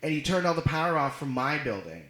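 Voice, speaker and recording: A man co-hosting a podcast, telling stories in an animated, swearing way with laughter. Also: fairly high pitch, quick pace, echoey room, a little hiss or hum. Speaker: podcast co-host. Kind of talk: casual comedic storytelling.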